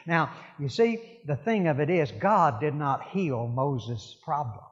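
A man's voice: fairly high pitch, slow, hardly any pauses, long reverb tail, highs cut off. A man preaching a sermon in a conversational, emphatic, repetitive style.

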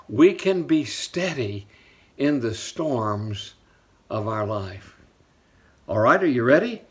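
A man preaching a sermon from the pulpit, telling a story and then teaching from it. His voice sits in an ordinary middle range. He slows right down to stress the lines that matter and drops low for quiet asides. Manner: storytelling preacher, shifts pace for emphasis, drops to soft asides. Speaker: pastor.

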